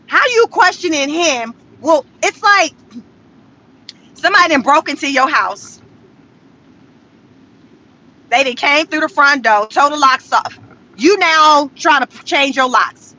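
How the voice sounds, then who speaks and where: A high, bright woman's voice, riffing to her viewers in a loose livestream style. She talks in an animated way, laughing between points. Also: rough recording. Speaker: political commentary host. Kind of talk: casual livestream commentary.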